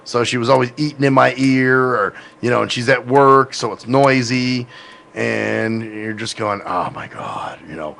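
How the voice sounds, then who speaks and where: Gravelly man rambling with heavy cursing. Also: medium pitch, steady tone, moderate pace, fairly bright tone. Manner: rambling, profane, laughing. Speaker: podcast host. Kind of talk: casual chat.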